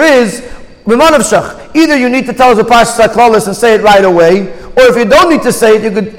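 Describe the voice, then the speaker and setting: A man's voice: extremely high pitch, big-room sound, low-quality recording. A man teaching a Torah class, reading out Hebrew phrases and explaining each one in English. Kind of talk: text study class, reading Hebrew then translating.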